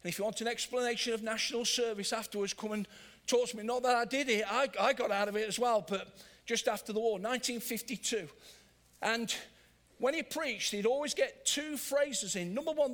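An older man preaching a sermon in church, animated, moving between loud emphasis and soft, drawn-out phrases. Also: extremely high pitch.

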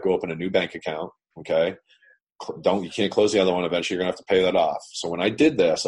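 A man's voice: low voice, a little mellow, husky. A man from Canada, a business owner, telling his story in a blunt, profane, emphatic way over a remote call. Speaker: business owner, interview guest. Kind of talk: casual storytelling. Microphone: remote internet call.

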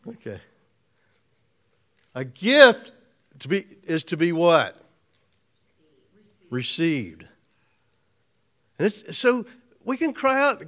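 A man gives a relaxed sermon to a small gathering, his voice sitting noticeably high. He talks conversationally, repeating and restarting phrases, with frequent soft chuckles. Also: a little slow, pauses often. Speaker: pastor. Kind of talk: informal sermon to a small group.

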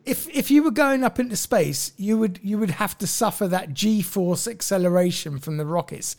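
A woman's voice: medium pitch, expressive, normal speed, hardly any pauses, a little mellow. A woman co-hosting a podcast, outspoken and ranting in casual chat. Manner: outspoken, ranting, conspiracy-minded. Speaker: podcast co-host.

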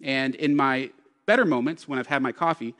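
A man's voice: mid-range voice, moderate pace, fairly bright tone, big-room sound. A man in his thirties preaching a sermon, telling a personal story with self-deprecating humor. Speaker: pastor.

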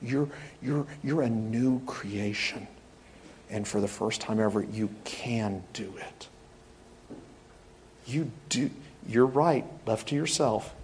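A middle-aged male pastor preaches a sermon in a medium-pitched voice, moving slowly with long pauses over a slight hiss or hum. He tells his stories with animation, acting out the voices of the people in them.

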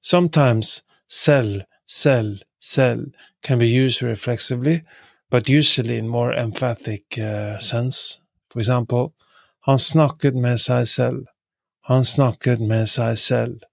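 Slow, gravelly male language teacher. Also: mid-range voice, fairly even intonation, dry recording. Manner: repeats each word three times; measured, with fillers. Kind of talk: slow repetitive lesson.

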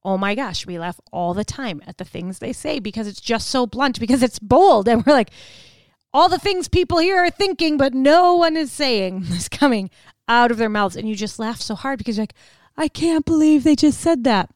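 A woman hosting a podcast, telling stories in an animated way and laughing often as she acts out other people's voices. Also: a little high, moderate pace, no room sound. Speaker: podcast host. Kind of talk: storytelling monologue.

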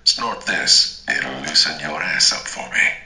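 A man voicing a strange, impatient man who talks in low, clipped commands. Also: measured pace, bright, forceful tone, echoey room, full character voice. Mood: pushy.

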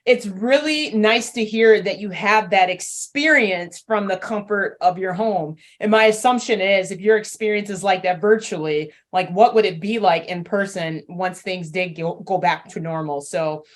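Brief: woman host, mid-pitched, upbeat, easy laugh. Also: moderate pace, hardly any pauses. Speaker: podcast host, gym owner. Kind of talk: interview hosting.

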